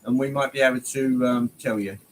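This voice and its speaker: Relaxed male streamer, friendly and rambling, middle pitch, lots of ums and restarts. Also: fairly quick, slight background noise, low-quality recording. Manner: rambling and friendly, greeting viewers by name, many ums. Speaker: livestream host. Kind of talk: casual livestream chat. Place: home hobby room, indoors.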